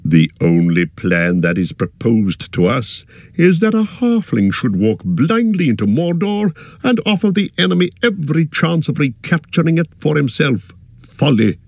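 A man's voice: mid-range voice, lively intonation, a little slow, a little mellow, dry recording. A man reading an audiobook, voicing a proud, desperate male warrior who pleads fervently and then rages. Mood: urgent persuasion.

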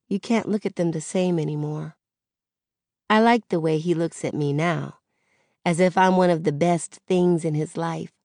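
A woman narrates a first-person audiobook in a frank, conversational voice that gives each thought its full weight. She takes her time and sits slightly low in pitch. The close studio sound is dry and free of room echo. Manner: candid, conversational, expressive.

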